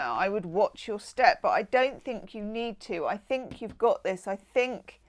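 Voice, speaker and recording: A middle-aged woman chatting casually through a tarot card reading, with exclaimed asides. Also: medium pitch. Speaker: tarot reader.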